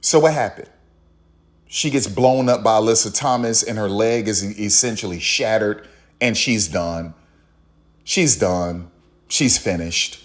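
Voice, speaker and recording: A man's voice: fairly low pitch, a little slow. A man delivering heated, opinionated sports commentary, repeating himself for emphasis and acting out what others said. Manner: heated, repetitive, emphatic, acts out others in quotes. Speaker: commentary channel host.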